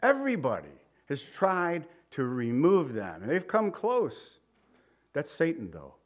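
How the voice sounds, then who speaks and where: A man's voice: on the high side, huge pitch swings, measured pace. A middle-aged man preaching a verse-by-verse sermon in an earnest, emphatic way, with personal asides. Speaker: pastor.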